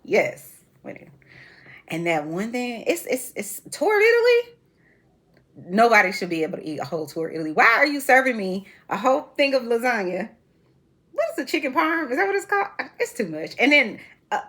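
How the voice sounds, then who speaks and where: A woman in her forties hosting a reality TV commentary chat, sassy and animated, laughing often as she talks. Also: a little high, fairly quick. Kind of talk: casual chat.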